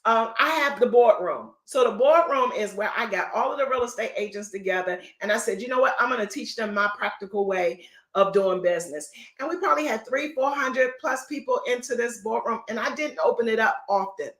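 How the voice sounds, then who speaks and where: A woman's voice: fairly high pitch, fairly quick, a bit bright. A middle-aged woman real estate coach giving an emphatic, preachy motivational talk on a live stream. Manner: emphatic, repetitive, preachy, folksy. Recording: echoey room.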